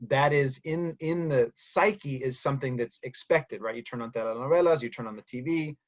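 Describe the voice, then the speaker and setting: A man's voice: mid-range voice, normal speed, highs cut off. A man giving a thoughtful personal monologue, often adding "right?" and "you know" as he speaks. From United States. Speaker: speaker recounting his language history.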